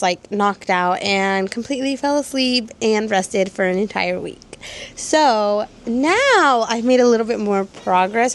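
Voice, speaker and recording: A young woman from the United States chatting casually at home as a book vlogger, recapping and ranting with bursts of laughter. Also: on the high side. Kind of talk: casual chat.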